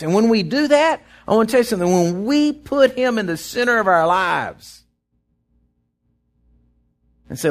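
Pastor with a higher voice. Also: male voice. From Texas. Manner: conversational, retelling scripture with frequent restarts. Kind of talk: sermon.

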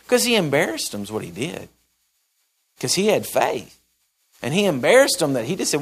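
Animated folksy preacher man. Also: a little high, normal speed, long pauses, husky. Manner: folksy storytelling, acts out the characters; swings from loud to soft, repeats phrases. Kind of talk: sermon.

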